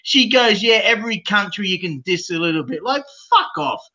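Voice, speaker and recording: A man's voice: high-pitched, animated, moderate pace, sharp tone, highs cut off. A man with an Australian accent calling in to argue, combative and saying "mate" constantly. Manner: combative, says "mate" a lot. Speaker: caller. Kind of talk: argumentative phone-in.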